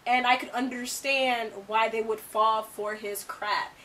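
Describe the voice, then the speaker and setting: A woman co-hosting a casual movie review chat, excitable and laughing often. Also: measured pace, distant mic, slight background noise. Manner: excitable, laughs often, goes high when mocking critics. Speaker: co-host of a movie review show. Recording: voice from away from the mic.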